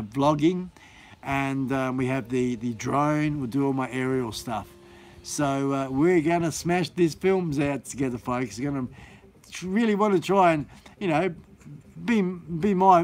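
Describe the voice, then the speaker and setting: A man hosting a live stream in a casual, rambling, enthusiastic way, full of fillers and restarts. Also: medium pitch.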